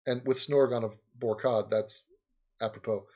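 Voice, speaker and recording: A man's voice: mid-range voice, steady tone, normal speed, a little mellow, lo-fi sound. A man hosting a livestream, rambling sarcastically in casual chat and game commentary, often laughing. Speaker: livestream host.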